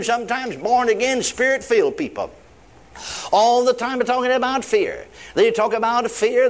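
An older man delivers a sermon in a high-pitched voice. He repeats his key phrases and leans hard on single words, slowing to draw them out. Folksy turns of phrase and frequent cries of praise run through his preaching. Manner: repetitive emphatic preaching with frequent praise interjections.

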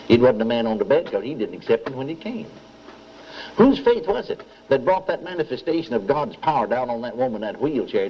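An older man with a medium-pitched voice preaches a sermon, telling a story in an animated way, acting out and repeating its dialogue, and asking the congregation for amens. The recording is muffled with slight background noise.

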